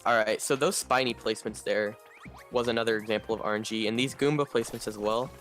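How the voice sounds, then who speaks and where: A man giving relaxed live commentary on a speedrun race, explaining the tricky parts. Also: lowish voice, fast talker, faint music behind. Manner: explanatory, relaxed, laughs easily.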